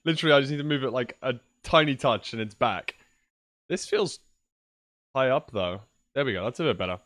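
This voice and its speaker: A man's voice: mid-range voice, expressive, brisk, fairly bright tone, no room sound, studio quality. A young man rambling casually to his viewers on a livestream from his computer, swearing now and then. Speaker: streamer. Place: at home at a PC.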